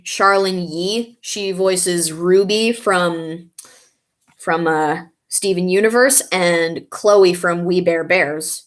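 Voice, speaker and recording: A young woman vlogging in a casual, rambling way, stopping now and then to recall names. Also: fairly low pitch. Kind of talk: casual chat reading and answering comments.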